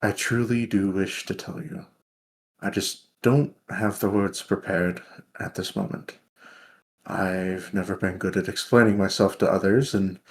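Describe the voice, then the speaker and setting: A man voicing an armored knight who is playful but sincere, speaking in a gentle, courtly way from a tabletop game. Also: mid-range voice, slight background noise, lightly acted.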